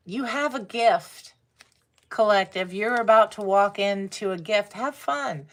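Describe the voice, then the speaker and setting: A woman's voice: mid-range voice, a little slow. A woman giving a casual tarot reading, blunt and swearing freely, laughing as she talks. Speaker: tarot reader.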